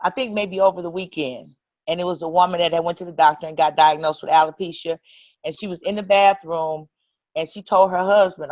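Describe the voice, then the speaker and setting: A woman hosting a relaxed conversation, animated and emotional as she tells a story. The sound is lo-fi and dull. It is also dry, with no room echo. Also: on the low side, a little fast. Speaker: host. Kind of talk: casual chat.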